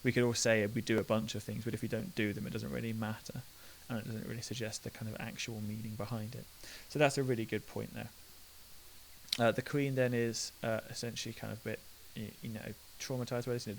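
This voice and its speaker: A man's voice: lowish voice, level tone, fast talker, gravelly, rough recording. Chatty man teaching literature. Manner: chatty, paraphrases old lines in slangy modern speech. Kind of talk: talking through a play line by line. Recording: faint hiss.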